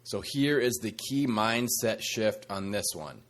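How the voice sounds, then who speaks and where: A man's voice: fairly low pitch, lively intonation, measured pace, fairly bright tone. A man hosting a motivational fitness podcast, coaching listeners in an upbeat, teasing and sassy way.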